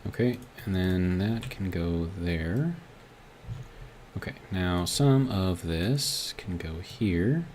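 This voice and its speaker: Guy streaming a game, lowish voice, rambling and reading chat out loud. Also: slow, a little hiss or hum. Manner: rambling, thinks aloud, reads chat messages. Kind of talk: live gameplay commentary.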